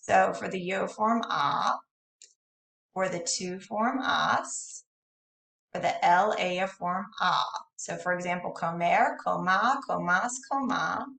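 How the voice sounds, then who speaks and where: Slow, gravelly woman teacher, echoey room. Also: medium pitch, a bit bright. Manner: patient, explanatory, apologetic asides. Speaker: Spanish teacher. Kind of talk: recorded home lesson. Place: at home. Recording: roomy, distant, echoey room.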